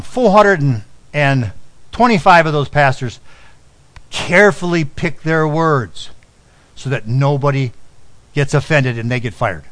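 A middle-aged man preaching a sermon, telling a personal story and dropping to a soft, low voice on key lines. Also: poor audio. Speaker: pastor.

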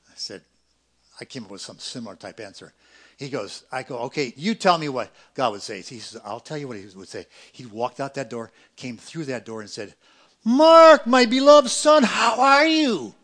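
A middle-aged pastor preaching a sermon, swinging between loud emphatic peaks and quiet, quick asides. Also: male voice, medium pitch, expressive, husky.

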